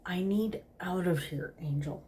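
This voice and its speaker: A sardonic male demon trapped as a snake, speaking in a hushed, half-whispered tone. A woman reads him out in a low, unhurried voice with only light shading. It sounds like a casual storybook reading. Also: a little hiss or hum, lightly acted.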